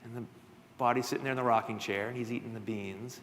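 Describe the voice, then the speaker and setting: A man telling a children's story at a worship service, playful and lively, with asides to his listeners. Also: mid-range voice, fast talker, a little hiss or hum. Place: church sanctuary. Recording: long church reverb.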